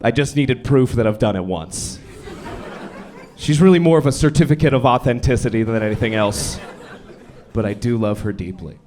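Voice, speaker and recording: A young man performing a stand-up set on a comedy club stage, with a deadpan, self-deprecating delivery. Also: mid-range voice, moderate pace, a little hiss or hum. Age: young adult.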